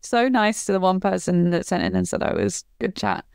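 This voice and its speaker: A woman's voice: on the low side, wildly swooping pitch, a little fast, vocal fry, clean tone, no room sound, studio quality. A woman guesting on a podcast, talking in an effusive, jokey way. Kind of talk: casual chat.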